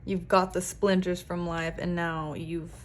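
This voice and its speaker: A woman's voice: on the low side, flat delivery, unhurried, a little hiss or hum. A woman giving a pick-a-card tarot reading as a psychic reader, talking earnestly and emphatically with frequent "like".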